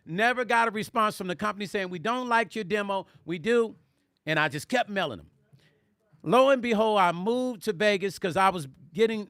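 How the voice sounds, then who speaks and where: A middle-aged man tells stories on a casual livestream in a high, bright voice. He talks animatedly and speaks directly to his viewers. The sound is dry and close. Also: no room sound. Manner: animated, addresses viewers directly, reads chat aloud. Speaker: musician and vlog host.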